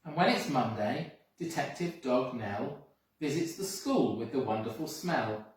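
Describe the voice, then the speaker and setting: A school reader reading a picture book aloud with expressive, sing-song storytelling, recorded from a distance in an echoey room. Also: mid-range voice, a little slow. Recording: echoey room, mic far off.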